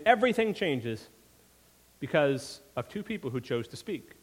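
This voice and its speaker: Animated preacher in a reverberant hall. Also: male voice, a little high, moderate pace, husky. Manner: conversational, frequent "right?" asides. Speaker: pastor. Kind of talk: sermon. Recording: long reverb of a large hall.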